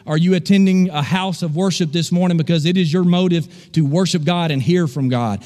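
A man's voice: high-pitched, a little mellow, in a large hall. A male pastor preaching a sermon in a church, emphatic and asking the congregation questions. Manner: emphatic, call-and-response questions.

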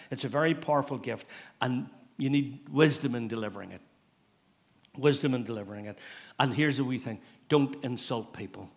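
Northern Irish pastor telling stories. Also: male voice, medium pitch. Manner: storytelling, conversational, repeats phrases for emphasis. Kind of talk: sermon. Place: church.

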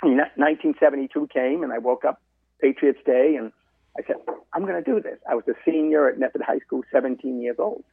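A man's voice: medium pitch, quick pace, vocal fry, slightly rough, dry recording. A man around seventy from Massachusetts, a marathon runner and guest, telling his story in an interview and acting out his dialogue with other people. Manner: animated storyteller who quotes people in dialogue. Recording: dry, phone-like line.

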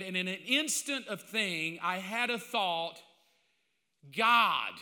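An older man, a pastor, telling a personal story in a sermon, confessional and self-mocking, swinging between loud outbursts and hushed asides. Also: high voice, big-room sound.

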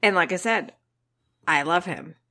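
A woman's voice: lowish voice, a little slow, pushed and bright. A woman co-hosting a casual podcast chat, dramatic, sighing and stammering as she thinks aloud. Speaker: podcast co-host.

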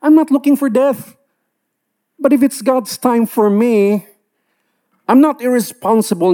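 A man preaches with a high, earnest voice that swings up and down as he acts out what believers say. His tone is pleading and direct, the voice of a pastor in front of a church. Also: darkish tone. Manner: earnest, switches into Tagalog, acts out believers' complaints. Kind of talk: sermon.

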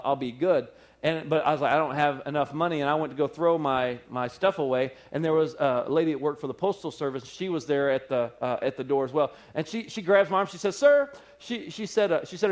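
A man preaching, telling a personal story in a sermon with lively acted-out quotes and frequent laughter. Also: on the high side. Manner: animated storyteller, acts out quotes, laughs often. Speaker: pastor. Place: church service.

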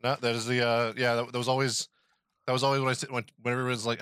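Bright, fast-talking man telling jokes. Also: mid-range voice, little pitch movement, clean tone, dry recording, clean studio sound. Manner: storytelling, jokey. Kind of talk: casual chat.

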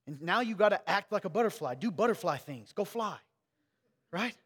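A man preaching a casual, conversational sermon, swinging between quiet asides and loud emphatic peaks. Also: sits high, lively intonation, moderate pace, husky, big-room sound. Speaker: pastor.

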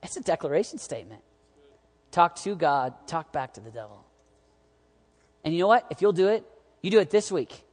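A man preaching a sermon to young adults, animated and jokey, swinging from loud urging to quiet asides. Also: on the high side, moderate pace, long pauses. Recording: long hall reverb.

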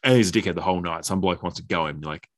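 A man's voice: deep voice, rapid-fire. A man making blunt, opinionated points in a casual podcast chat, swearing now and then. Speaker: podcast co-host.

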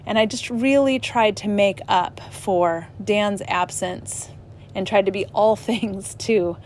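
A middle-aged woman giving an earnest personal testimony at church, halting now and then as she restarts. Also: mid-range voice, a little hiss or hum.

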